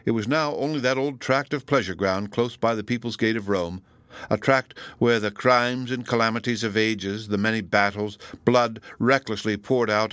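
Male audiobook narrator, deep-ish voice, measured formal delivery, dry booth sound. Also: fairly bright tone, no echo. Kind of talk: scripted narration of a classic novel.

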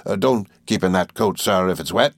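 A man voicing a hearty, jovial old fisherman with a broad rustic dialect and booming laughs. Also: animated, moderate pace, no echo.

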